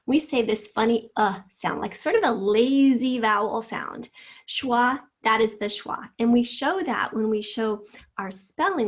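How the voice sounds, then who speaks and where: A woman teacher giving a recorded spelling lesson to fourth graders, sounding out words slowly and carefully. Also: fairly high pitch, husky.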